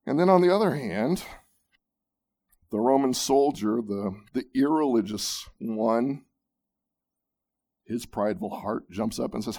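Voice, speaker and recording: A man preaching a sermon, emphatic, with dramatic pauses, at times dropping to a near-whisper. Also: medium pitch, animated, a little mellow. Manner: repeats words when restarting. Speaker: pastor.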